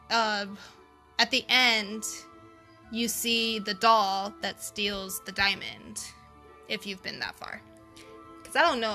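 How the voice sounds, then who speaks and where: A woman's voice: mid-range voice, pushed and bright. A woman streaming a story game, chatting and thinking aloud as she plays, laughing often. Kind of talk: game stream with reading and commentary.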